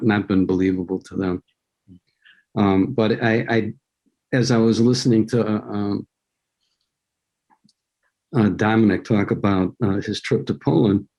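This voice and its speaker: Low-voiced man, hesitant and reflective. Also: dark tone, lo-fi sound. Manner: hesitant, full of pauses. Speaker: writer, panelist. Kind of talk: reflective conversation. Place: home on a video call.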